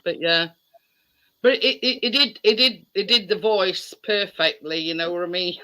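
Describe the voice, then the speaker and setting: A woman's voice: medium pitch, moderate pace, pushed and bright. A woman hosting a casual live chat, telling a funny story and laughing as she goes. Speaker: live stream host.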